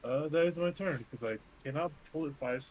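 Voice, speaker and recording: A man's voice: fairly high pitch, fairly quick, a little hiss or hum, rough recording. A man playing a tabletop game, hesitant, filling gaps with ums as he works out his turn. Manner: hesitant, many ums while counting moves. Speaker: player. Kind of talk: casual tabletop game chat.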